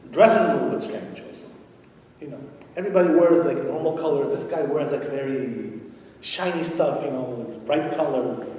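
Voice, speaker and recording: A man's voice: fairly high pitch, moderate pace, warm tone. A male rabbi giving a Torah lecture to a congregation, speaking conversationally with frequent "you know" and rhetorical questions. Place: synagogue hall at an evening event. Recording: echoey hall from far off.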